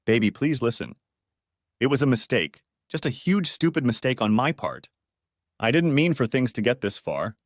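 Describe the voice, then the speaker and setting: A man's voice: medium pitch, sing-song, moderate pace, dry recording, clean studio sound. A man voicing a desperate, unfaithful young wife who pleads tearfully for forgiveness. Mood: pleading.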